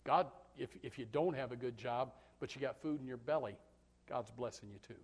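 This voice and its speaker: Animated preaching man in echoing hall. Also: medium pitch, a little fast. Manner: animated preaching, swings from loud to hushed. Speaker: pastor. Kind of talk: sermon. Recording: long hall reverb.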